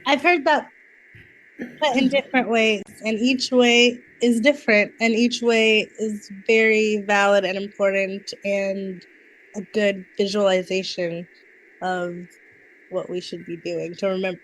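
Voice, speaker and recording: A woman's voice: medium pitch, steady tone, unhurried, slight background noise, low-quality recording. A young mother hosting a podcast, talking casually and reacting with enthusiasm. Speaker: podcast host.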